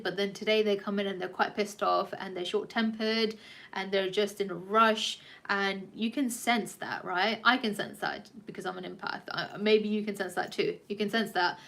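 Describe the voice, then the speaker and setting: A woman with an ordinary mid-range voice speaks casually to her viewers as a fitness and life coach. She is frank and talkative, drops the odd curse, and rambles a little as she plays out everyday exchanges. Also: medium pitch. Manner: chatty and frank, with casual swearing; loose and rambling, acting out little conversations. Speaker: personal trainer and life coach. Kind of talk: casual talk to camera.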